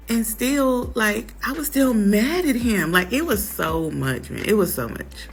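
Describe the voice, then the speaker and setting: Animated woman telling a story. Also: fairly low pitch, moderate pace, gravelly, hardly any pauses, faint music behind. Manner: animated, acts out quotes in others' voices. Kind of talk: casual storytime.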